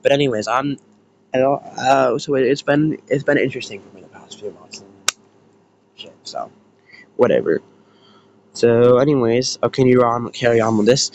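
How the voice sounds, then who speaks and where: A man's voice: mid-range voice, normal speed. An American man giving a rambling, casual rant as an online commentator, swearing freely. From United States. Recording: muffled lo-fi with faint hiss.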